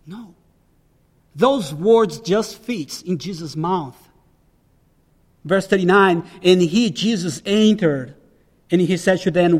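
A man's voice: high-pitched, unhurried, long pauses, darkish tone, big-room sound. A man preaching a sermon as a pastor, emphatic and repeating key phrases for weight.

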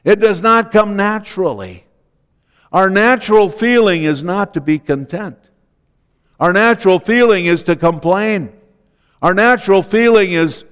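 A man preaching a sermon as pastor, slow and deliberate, repeating key phrases for emphasis. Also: sits high, animated, a bit bright, clear, resonant tone, big-room sound.

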